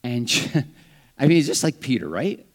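A man delivers an animated sermon in an everyday voice. He talks to the congregation like he is chatting with them and drops in playful asides. When he quotes someone, his voice jumps up high and loud or falls quiet. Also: a little slow. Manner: animated preaching, acts out quoted lines with jumps in pitch and volume; conversational and humorous asides. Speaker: pastor.

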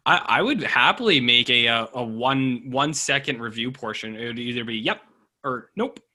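An Australian man with a bright, forward voice, chatting loosely on a movie podcast. He jokes crudely and keeps things relaxed. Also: mid-range voice, normal speed. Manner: joking, crude. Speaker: podcast co-host. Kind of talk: casual chat.

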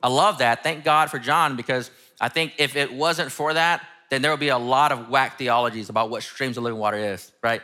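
Bright-voiced man preaching casually. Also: medium pitch, a little fast, hardly any pauses. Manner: relaxed, slangy, enthusiastic preaching. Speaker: pastor. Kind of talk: casual sermon with scripture reading.

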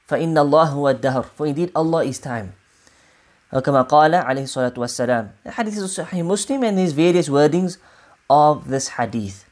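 A woman giving a religious lesson, explaining scripture in a measured way and repeating key points for emphasis. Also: low-pitched, darkish tone. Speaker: Quran teacher.

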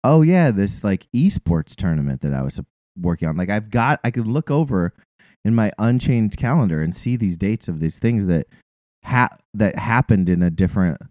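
Profane, animated man on a podcast. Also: fairly low pitch, moderate pace, no room sound, muffled recording. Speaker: podcast co-host. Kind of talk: casual podcast chat.

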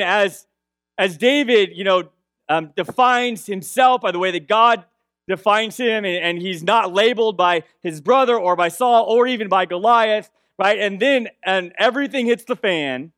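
Young pastor guy preaching, high voice, super chatty, keeps saying right, dry close sound. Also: fairly bright tone, dry recording. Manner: conversational, repeats "right?" often. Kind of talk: sermon.

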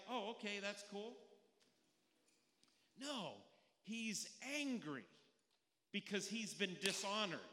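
A man's voice: high-pitched, pushed and bright. A male pastor preaching a sermon in a conversational, storytelling way, asking his listeners questions as he goes. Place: church sanctuary. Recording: echoey hall with long reverb.

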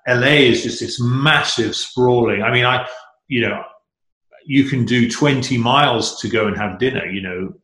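A man's voice: fairly low pitch, a bit bright, reverberant. A middle-aged man chatting as an interview guest, rambling and enthusiastic, often restarting his sentences. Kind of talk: casual interview chat.

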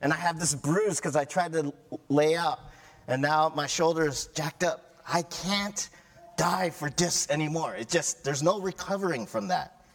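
A man's voice: on the high side, moderate pace. A middle-aged male pastor giving a conversational sermon, acting out crying children and tantrums as he talks.

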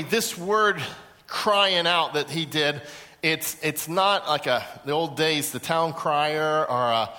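Bright-voiced preacher in an echoey hall. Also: male voice, fairly high pitch. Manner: lively storytelling, acts out quoted voices. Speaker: pastor. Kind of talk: sermon. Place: large auditorium.

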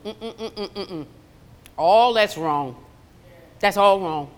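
A woman's voice: medium pitch, animated, measured pace, fairly bright tone. A woman preaching a conversational sermon in a church, slipping into acted asides. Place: church sanctuary. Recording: long hall reverb.

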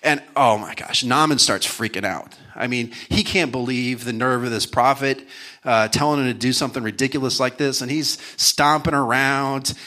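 Male conference speaker, humorous storytelling sermon, bright forceful tone, middle pitch. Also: normal speed. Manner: jokey, casual with many fillers.

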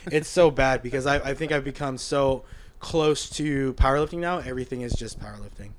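A man's voice: medium pitch, a little fast. A man in casual podcast chat, telling stories in a chatty way. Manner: chatty storytelling. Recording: faint background noise.

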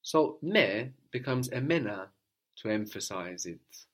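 A man's voice: on the low side, expressive, takes it slowly. A man teaching a language lesson, patiently prompting his student with questions and explaining grammar.

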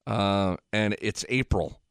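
A man's voice: lowish voice, slow pace, vocal fry, a bit bright, smooth, no room sound. A man hosting a radio show, talking in a loose, rambling, profane monologue. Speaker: radio host. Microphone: radio studio mic. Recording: dry close studio sound.

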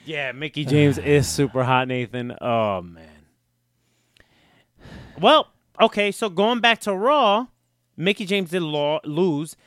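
A man's voice: fairly high pitch, slow, a bit bright, clean tone, no echo, studio quality. A young man co-hosting a casual podcast, joking, laughing often and swearing freely. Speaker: podcast co-host. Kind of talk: casual wrestling podcast chat.

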